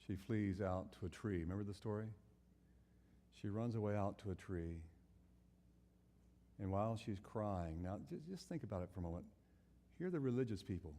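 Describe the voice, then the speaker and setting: A man's voice: fairly low pitch, lively intonation, normal speed, pauses often, warm tone, in a large hall. A man preaching a sermon, telling a Bible story and asking his listeners questions. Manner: storytelling, acts out biblical characters' voices; asks the audience questions.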